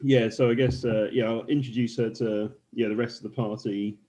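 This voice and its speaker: A man's voice: mid-range voice, steady tone, normal speed, warm tone, low-quality recording. A man playing a tabletop game, speaking in an easygoing, casual way, partly in character. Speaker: player.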